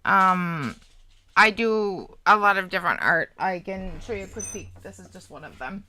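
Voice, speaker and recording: A woman's voice: medium pitch, normal speed, bright, forceful tone, dry recording, rough recording. A woman hosting a casual reaction livestream, chatting with viewers and making sarcastic asides. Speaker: reaction streamer host.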